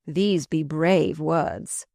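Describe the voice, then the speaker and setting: A woman's voice: sits low, vocal fry, darkish tone, no echo, clean studio sound, heavily acted. A woman reading a sardonic mocking courtier. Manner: mocking, drawn-out. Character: sardonic older male courtier, mocking and malicious.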